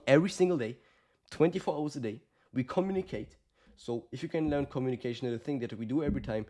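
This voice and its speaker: A man's voice: mid-range voice, mellow. A man giving casual, blunt coaching advice to the camera, swearing often and calling the listener brother. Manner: acts out quoted lines of fighters. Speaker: combat sports coach.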